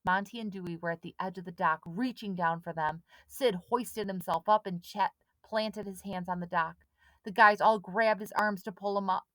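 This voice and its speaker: A woman reading a children's storybook aloud with steady, dramatic pacing. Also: medium pitch, moderate pace, no room sound. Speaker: audiobook reader. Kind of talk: storybook narration.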